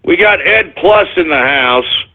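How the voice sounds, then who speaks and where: A man's voice: on the high side, lively intonation, unhurried. Exasperated ranting male radio host, tinny. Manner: exasperated, ranting, yells "shut up" at listeners. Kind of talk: live call-in radio show, reading listener shout-outs. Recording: tinny phone-like lo-fi audio.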